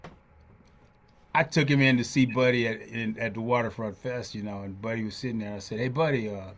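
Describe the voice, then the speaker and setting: A man's voice: medium pitch, fairly quick. An older man hosting an interview, telling stories and acting out the voices of people he quotes. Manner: animated storyteller, acts out quoted voices. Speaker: podcast host, drummer. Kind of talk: storytelling interview chat.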